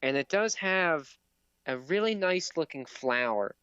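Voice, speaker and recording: A man narrating a tabletop game as game master, slow and halting with many fillers. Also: on the high side, animated, bright, forceful tone, clear, resonant tone, no echo, highs cut off.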